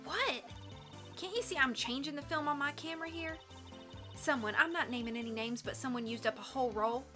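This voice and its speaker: A woman's voice: sits high, brisk, music in the background, natural voice. A woman voicing a brash Southern woman photographer in a video game, with a put-on Southern drawl and a feisty, folksy way of talking. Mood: suspicious. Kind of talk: video game voice-over reading.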